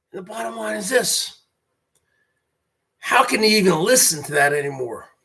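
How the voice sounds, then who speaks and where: A man hosting a livestream, ranting in an indignant, repetitive and emphatic way. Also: high voice. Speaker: livestream host.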